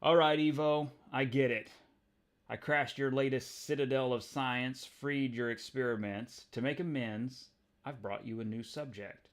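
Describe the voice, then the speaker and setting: A man voicing a brooding, cocky young superpowered man in a low, muttered delivery. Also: fairly even intonation, unhurried, natural voice.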